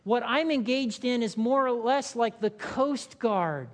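A woman's voice: fairly high pitch, expressive, unhurried. A woman pastor preaching a sermon in a conversational style, asking the congregation questions and acting out short voices. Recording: long hall reverb.

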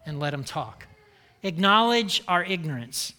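A man's voice: on the high side, animated, unhurried, pushed and bright. A man from Indiana preaching a sermon in a conversational style, often checking in with "okay?" and "right?". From Indiana, United States. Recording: long hall reverb.

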